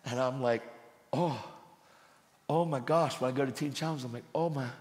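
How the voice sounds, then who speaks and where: A man's voice: medium pitch, normal speed. Intense preacher man in a reverberant hall. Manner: intense, swings from shouting to hushed. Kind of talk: sermon. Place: church sanctuary. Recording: roomy hall with long reverb.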